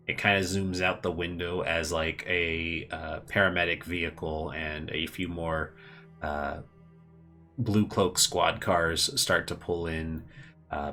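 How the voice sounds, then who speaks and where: A man narrating and chatting as game master of a tabletop game, animated and casual. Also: deep voice. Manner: animated, chatty, many fillers.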